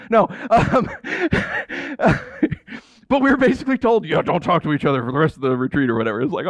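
A man's voice: on the high side, a little fast, no echo. A man in his thirties preaching a sermon, telling stories and acting out the voices of people he quotes. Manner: animated storytelling, acts out quoted voices. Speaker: pastor.

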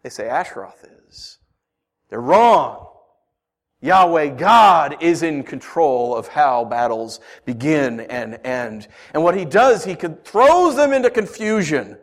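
Pastor guy w a kinda high voice, goes quiet then loud, lots of rhetorical questions and little stories. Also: animated, measured pace, hardly any pauses. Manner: dramatic, swinging from hushed to emphatic; rhetorical questions, storytelling asides. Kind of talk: sermon.

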